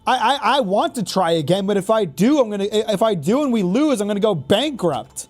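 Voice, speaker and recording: High-voiced, exasperated man playing games. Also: sing-song, fairly quick, darkish tone, faint music behind. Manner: exasperated, profane, stammers and repeats words. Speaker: gaming YouTuber. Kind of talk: casual gameplay commentary.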